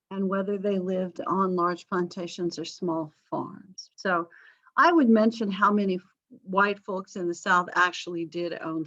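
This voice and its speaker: A middle-aged woman teaches history over a video call in a loose, chatty way, full of asides and fillers. Her voice sits at an ordinary pitch for a woman. The call audio is slightly dull. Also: fairly bright tone. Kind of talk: online class lecture.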